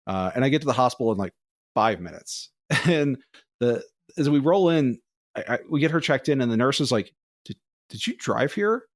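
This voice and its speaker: A man co-hosting a podcast, telling long, rambling personal stories in a casual, animated way. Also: medium pitch, fairly quick, no room sound, clean studio sound. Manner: rambling, animated, acts out quoted voices. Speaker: podcast co-host. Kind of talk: casual storytelling.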